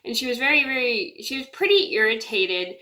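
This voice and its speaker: Speaking directly to the camera, a storyteller vlogger with a bright, slightly high voice shares a personal story. She's animated and brisk but rambling, packed with fillers and restarts, and often trails off with "blah, blah, blah."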